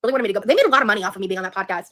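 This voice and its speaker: A woman talks to her stream in a loose, rambling way. She is blunt and swears freely. Her voice sits at a middling pitch for a woman. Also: expressive, rapid-fire, bright, forceful tone. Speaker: livestreamer. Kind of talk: casual livestream chat.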